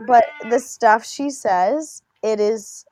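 A woman's voice: fairly high pitch, takes it slowly. A young woman co-hosting a podcast, telling stories animatedly in casual chat and saying "like" a lot. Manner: animated storyteller, says "like" a lot. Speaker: podcast co-host.

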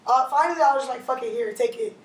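A woman's voice: high voice, very fast. A young woman telling a story in casual chat, swearing freely and laughing as she goes. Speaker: guest. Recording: roomy, distant from the mic, faint hiss.

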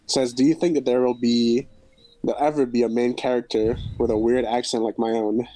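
Mellow co-host reading questions. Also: male voice, mid-range voice, fairly quick, rough recording. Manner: relaxed, reads listener questions. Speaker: podcast co-host. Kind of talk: casual chat.

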